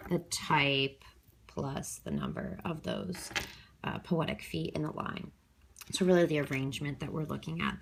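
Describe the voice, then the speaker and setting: Woman teacher, lowish voice, recorded review lesson, explains step by step, checks in with okay. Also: a little hiss or hum.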